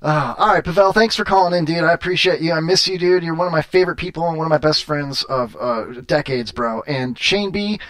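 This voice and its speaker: Guy hosting a podcast, kinda high voice, keeps saying uh and cracking up, crude jokes. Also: a little fast, hardly any pauses, a bit bright. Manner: rambling, full of "uh" and laughter, crude jokes. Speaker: podcast host. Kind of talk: casual podcast chat with callers.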